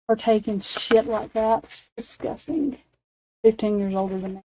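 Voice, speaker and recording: Foul-mouthed woman in her forties, mellow. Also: on the high side, unhurried, low-quality recording. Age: 40s. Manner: profane, rambling storytelling with laughs. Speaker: livestream host. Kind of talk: casual late-night chat.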